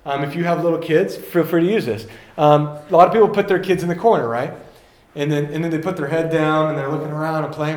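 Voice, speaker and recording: A man's voice: on the high side, steady tone, fast talker, echoey room. A man in his thirties giving a casual, story-filled sermon as a pastor and acting out the quotes.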